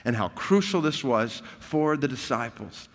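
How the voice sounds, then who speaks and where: A man preaching a sermon and retelling a story with animated, rising intensity. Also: mid-range voice, a little slow, in a large hall. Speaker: pastor.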